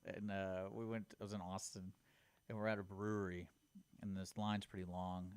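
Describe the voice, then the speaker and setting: Lower-voiced man telling funny stories. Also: little pitch movement, moderate pace, clear, resonant tone, no echo. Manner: laughing storyteller acting out quoted dialogue. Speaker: radio co-host. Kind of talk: casual storytelling.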